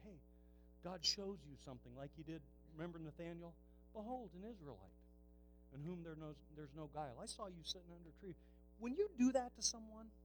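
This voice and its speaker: High-voiced man preaching with fervor. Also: rough recording. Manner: swings from hushed storytelling to loud exhortation. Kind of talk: sermon storytelling.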